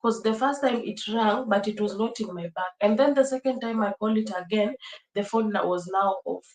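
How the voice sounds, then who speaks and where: Young woman, livestream host, chatty and emotional, mid-pitched, recorded in an echoey room. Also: fairly quick, darkish tone. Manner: chatty, emotional, repeats phrases, laughs often. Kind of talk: casual livestream chat with viewers.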